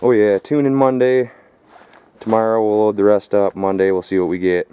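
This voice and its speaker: Rough-talking outdoorsy man, low voice. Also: little pitch movement, moderate pace, dark tone. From Michigan. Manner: rough-talking, swears casually, calls viewers "boys". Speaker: vlogger scrapping metal. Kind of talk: casual vlog narration. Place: outdoors in the countryside.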